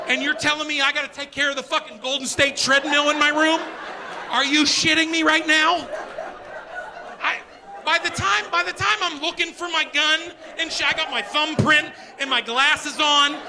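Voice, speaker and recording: A middle-aged male stand-up comedian, doing an energetic, profane, exasperated set on a live stage. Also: very high voice, background noise. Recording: live show with audience laughter.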